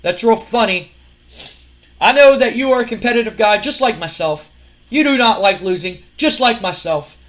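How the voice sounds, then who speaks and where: A man's voice: high voice, expressive, moderate pace. Man putting on a smug boastful wrestler. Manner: smug, taunting, loud. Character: cocky boastful male pro wrestler champion.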